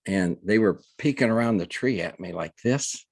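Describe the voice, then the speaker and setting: An older man speaks in a low, husky voice. He tells his story earnestly and in halting bursts, often restarting his phrases. The sound is dry and close, with no room echo. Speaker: guest, reverend. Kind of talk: conversational storytelling.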